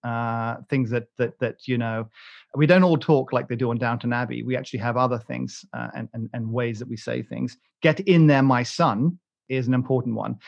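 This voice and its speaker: A man's voice: mid-range voice, steady tone, brisk, creaky, muffled recording. A British man hosting a podcast, chatting casually in a rambling, joking way with many restarts and fillers. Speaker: podcast host. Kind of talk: casual chat.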